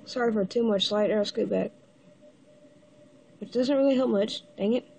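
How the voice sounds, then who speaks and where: A woman with the hiccups giving a casual step-by-step building tutorial, halting and pausing mid-step to show the pieces. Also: mid-range voice, vocal fry, warm tone, a little hiss or hum. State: has the hiccups. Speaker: toy builder giving instructions.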